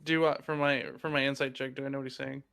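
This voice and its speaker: A man playing a tabletop game as a player, talking in halting, hesitant bits. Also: mid-range voice, level tone, gravelly, a bit bright, clean tone.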